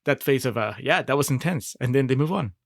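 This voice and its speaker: A man's voice: medium pitch, expressive, a little fast, creaky, dry recording, studio quality. A man co-hosting a podcast, picking apart a film with laughing, critical banter. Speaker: podcast co-host. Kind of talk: casual film discussion.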